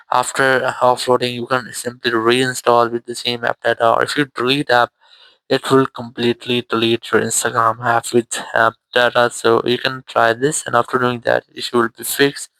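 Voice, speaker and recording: A man talks through a phone fix one step at a time, steady and level, his pitch barely moving. His phrasing is plain and repetitive, like reading off the screen. The sound is dry and close, with no room around it. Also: gravelly, no room sound, poor audio. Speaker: tech tutorial presenter. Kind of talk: step-by-step screen tutorial voice-over.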